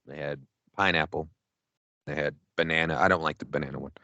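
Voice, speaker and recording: A man's voice: extremely low pitch, brisk, no echo, lo-fi sound. A man co-hosting a podcast, telling a rambling story in casual, profane chat and acting out his own quotes. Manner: animated, profane, acts out quotes. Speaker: podcast co-host.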